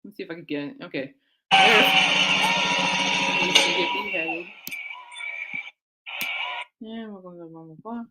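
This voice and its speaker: A woman hosting her own podcast, chatting in a rambling, excitable way that often trails off and restarts. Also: on the low side, moderate pace, pauses often, over loud music. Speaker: podcast host. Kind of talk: rambling casual chat.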